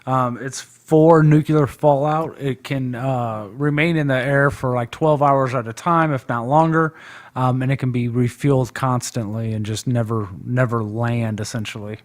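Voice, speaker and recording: A man's voice: mid-range voice, fairly even intonation, normal speed. A man talking casually on a live stream, chatty and rambling in a loose, informal way as he discusses politics. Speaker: guest debater on a live stream.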